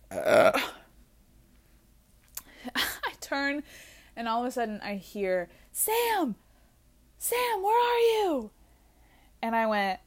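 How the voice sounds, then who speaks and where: A young adult woman tells a story casually, candid and animated. She swears freely and laughs at her own expense. She has had a few drinks. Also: mid-range voice. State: drinking while talking.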